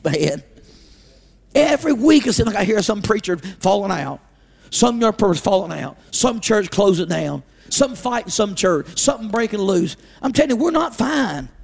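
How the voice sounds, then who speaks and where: A man preaching a fervent revival sermon in a very high, gravelly voice. He hammers his points with repetition, rising to shouts and dropping to hushed pleas. His voice rings with a long reverb through a large auditorium. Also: animated, normal speed. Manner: impassioned, repetitive, swings between shouting and hushed pleading. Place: church auditorium.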